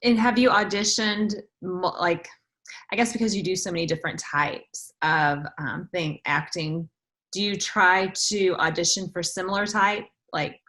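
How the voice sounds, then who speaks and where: Halting lower-voiced woman podcast host. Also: fairly bright tone. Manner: hesitant, halting questions. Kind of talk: interview questions.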